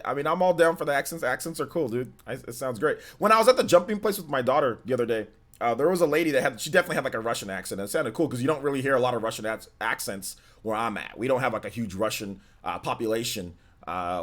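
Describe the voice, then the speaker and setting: Male streamer, relaxed and slangy, chats with his viewers as if they were friends in the room. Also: medium pitch. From United States. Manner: chatty, slangy, talks straight to viewers. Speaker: live-stream gaming host. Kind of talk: casual live-stream chat.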